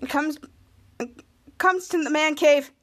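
A woman podcast host recapping a TV episode scene by scene in halting, repetitive narration with restarts. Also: high-pitched, steady tone.

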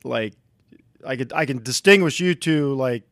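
A man's voice: medium pitch, normal speed, fairly bright tone, no echo, studio quality. A middle-aged man from Ohio hosting a casual podcast chat, rambling with lots of restarts and the odd swear word. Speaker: podcast host.

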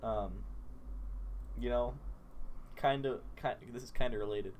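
A man's voice: mid-range voice, unhurried, darkish tone, slight background noise. A young man co-hosting a casual podcast, laid-back with short replies. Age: young adult. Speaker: podcast co-host.

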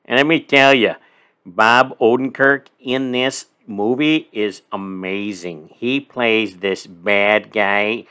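A man's voice: lowish voice, slow, bright, forceful tone, clean tone. A man putting on a boastful, emphatic Chicago-accent guy in a podcast. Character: exaggerated folksy Chicago guy, adult male, boastful.

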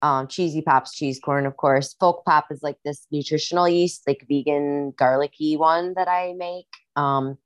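A woman's voice: low voice, steady tone, a little slow, few pauses, dry recording. A young woman with a Midwestern accent, chatting casually and a little rambling as a guest on a podcast. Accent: Midwestern American. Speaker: musician and guest.

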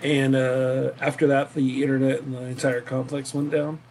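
A man's voice: mid-range voice, little pitch movement, normal speed, a little mellow, slight background noise. A man hosting a casual chat, talking loosely with many fillers. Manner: loose, hesitant, full of fillers. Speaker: host.

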